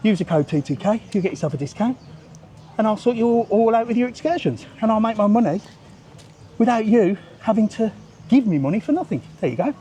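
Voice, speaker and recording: A man's voice: high-pitched, lively intonation, a little fast, mellow, slight background noise. A man walking a street on a live stream, ranting bluntly and joking with passers-by. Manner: blunt, sweary, joking, ranty. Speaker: vlogger and tour seller. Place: outdoor seafront street.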